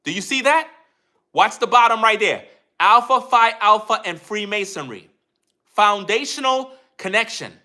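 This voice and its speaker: A man's voice: sits high, expressive, normal speed, pushed and bright. A man giving an emphatic commentary rant as a YouTube commentator, repeating himself and addressing viewers directly.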